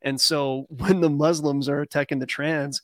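A man's voice: fairly high pitch, steady tone, moderate pace, fairly bright tone, no echo, clean studio sound. A man talking loosely as a podcast guest, rambling through commentary with fillers. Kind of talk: casual live chat.

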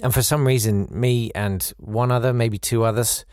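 A man's voice: mid-range voice, fairly even intonation, moderate pace, darkish tone, no echo, studio quality. A man delivering a satirical comic monologue, full of sarcastic, mocking asides. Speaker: comedian.

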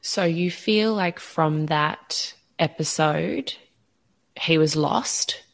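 A woman interviewer asking gentle, probing follow-up questions in a conversational interview. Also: sits low, extremely slow.

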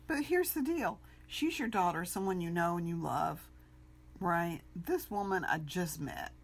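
A woman co-hosting a podcast, telling everyday stories in a casual, animated way. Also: fairly low pitch, measured pace. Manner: storytelling, animated when telling anecdotes. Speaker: podcast co-host.

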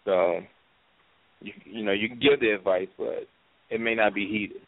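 A man's voice: fairly low pitch, moderate pace, dry recording. A man on a talk radio panel, speaking earnestly and emphatically. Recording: tinny dry phone-like sound.

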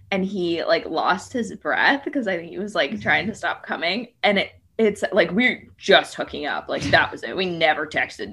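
A woman guest, a comedian, telling animated stories on a podcast and laughing often. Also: fairly low pitch, breathy edge. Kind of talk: casual chat.

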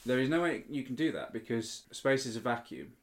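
A man co-hosting a podcast in casual chat, explaining points in a measured way with frequent hesitations. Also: medium pitch, slight background noise. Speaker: podcast co-host.

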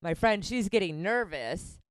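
A woman's voice: medium pitch, lively intonation, measured pace, no room sound. A woman in her late twenties casually telling a story on a podcast, swearing freely, laughing often and acting out the lines of the people in it. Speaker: comedian guest.

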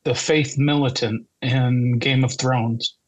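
A man's voice: mid-range voice, steady tone, no echo. Man, dry close recording, short interjections, casual podcast chat. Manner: short interjections and quick agreement. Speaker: podcast co-host.

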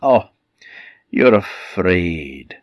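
A man voicing a wicked queen disguised as a sweet farmer's wife, talking in a high wheedling falsetto. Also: sing-song, extremely slow, no room sound, full character voice. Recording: dull lo-fi recording.

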